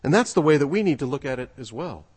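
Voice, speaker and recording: A man's voice: fairly high pitch, lively intonation, fast talker, a little mellow, husky. A man preaching a sermon in a conversational, earnest way, telling a story with occasional fillers. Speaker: pastor. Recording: long reverb of a large hall.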